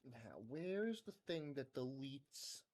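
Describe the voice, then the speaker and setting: Goofy, lively-voiced man streaming. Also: medium pitch, slow. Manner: goofy, rambling, sing-song. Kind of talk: live coding stream commentary.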